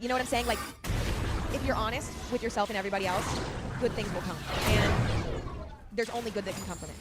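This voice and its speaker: A woman hosting a podcast, giving casual advice in a fast, emphatic and chatty way. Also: mid-range voice. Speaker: podcast host. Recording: loud music under the voice. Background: loud music.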